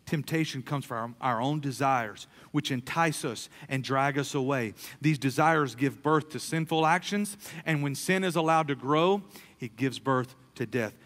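A man preaching a sermon as a pastor, emphatic, swinging between soft, quiet stretches and loud, pressing lines. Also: medium pitch, moderate pace. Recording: long hall reverb.

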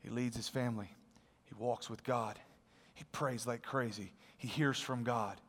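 A male pastor preaching a sermon, telling stories in an animated way and dropping to a hushed, earnest tone. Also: medium pitch, measured pace, in a large hall. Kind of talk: sermon with storytelling.

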